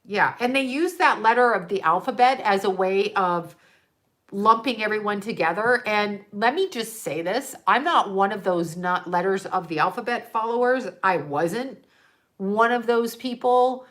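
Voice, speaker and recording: A woman's voice: medium pitch, unhurried, fairly bright tone. Woman on a phone stream ranting, medium voice, keeps cutting herself off, lots of "are you telling me", cussing. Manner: exasperated, profane, laughing in disbelief; trailing off and restarting, rhetorical questions. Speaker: livestream host talking to viewers. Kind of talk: rambling casual monologue.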